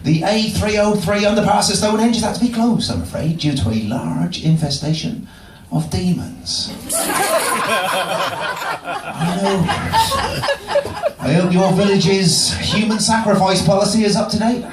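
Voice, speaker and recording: A man's voice: high voice, measured pace. A man putting on a generic local radio presenter voice, mock-cheery like an announcer. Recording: roomy distant pub mic with noise.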